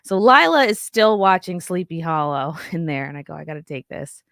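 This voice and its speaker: A woman comedian telling fans a personal story, halting and emotional, choked up and near tears, swearing and restarting as she goes. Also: deep voice, sing-song, creaky, fairly bright tone, dry recording, clean studio sound.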